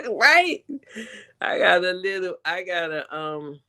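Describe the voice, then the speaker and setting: A woman's voice: lowish voice, sing-song, slow pace, bright, forceful tone. A woman with a thick Brooklyn accent hosts a casual livestream. She talks bluntly and emphatically, and she breaks into laughter often as she chats. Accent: Brooklyn New York. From Brooklyn, New York. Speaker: stream host reading cards.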